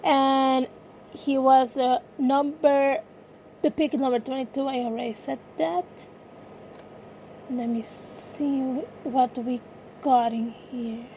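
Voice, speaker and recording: A woman's voice: high voice, steady tone, takes it slowly, mellow, a little hiss or hum, low-quality recording. A woman hosting a casual sports podcast, talking hesitantly, correcting herself and apologizing often. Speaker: podcast host.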